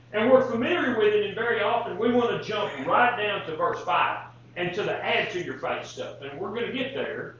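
Man, preacher, sermon, rhetorical questions to the congregation, high voice, distant mic in a very echoey church hall. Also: fairly bright tone, lo-fi sound, slight background noise.

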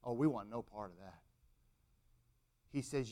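A man's voice: medium pitch, a little slow, a little mellow. A middle-aged man preaching a sermon, acting out the people in the story with rising intensity. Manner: dramatic, acts out quotes with rising intensity.

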